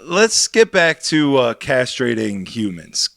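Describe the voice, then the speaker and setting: A man's voice: medium pitch, sing-song, slow, gravelly, a bit bright, no room sound, clean studio sound. A young man co-hosting a podcast, telling a rambling, profane story about DJing in casual chat. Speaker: podcast co-host and DJ.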